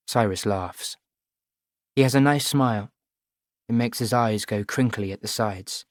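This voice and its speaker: A man narrating a first-person audiobook in a measured, even storytelling voice. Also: lowish voice, no room sound, clean studio sound.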